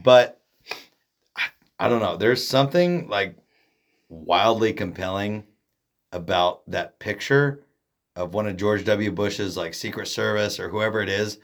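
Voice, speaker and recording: A man's voice: lowish voice, expressive, measured pace, long pauses. A man from Oregon co-hosting a podcast in casual chat, rambling and joking, often trailing off mid-sentence. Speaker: podcast co-host.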